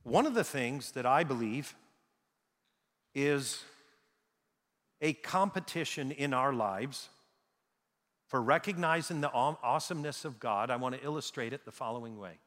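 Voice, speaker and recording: A man's voice: medium pitch, animated, moderate pace, long pauses, a bit bright. A man preaching a sermon, reading scripture dramatically and stressing key words. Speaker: pastor. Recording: long hall reverb.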